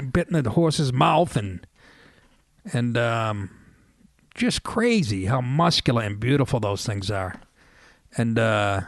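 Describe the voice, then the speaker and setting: A man's voice: mid-range voice, no echo, clean studio sound. A middle-aged man hosting a radio show, telling stories in a casual, profane, self-mocking comedic monologue.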